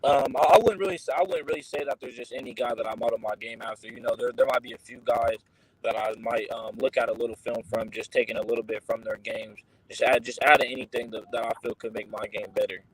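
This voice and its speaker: A teenage boy answering interview questions in a laid-back, halting way, with many restarts. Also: mid-range voice, steady tone, husky, low-quality recording. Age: teens. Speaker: guest, high school football recruit.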